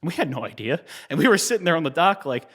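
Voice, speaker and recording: A man in his thirties from New Jersey, telling a long story as an interview guest. He talks in a lively way, chuckles often and uses many fillers. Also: a little high, fast talker. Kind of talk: conversational storytelling.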